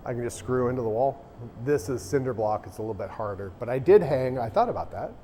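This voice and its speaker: This arcade owner talks fast and animatedly in a mid-range voice with a dark tone, over a slight hiss or hum. He's livestreaming from his arcade café interior, chatting casually and rambling as he thinks aloud and restarts.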